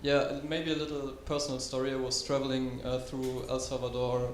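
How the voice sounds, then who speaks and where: A man's voice: mid-range voice, level tone, moderate pace. A man in the audience sharing a short personal story, hesitant and full of fillers. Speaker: audience member. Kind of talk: question from the floor. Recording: echoey hall with faint background noise.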